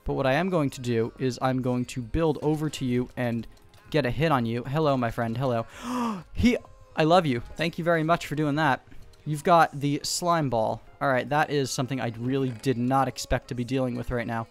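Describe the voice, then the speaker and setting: A man giving fast, excitable gameplay commentary from home, repeating short calls in quick bursts. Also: medium pitch, faint music behind. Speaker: gaming YouTuber. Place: home room.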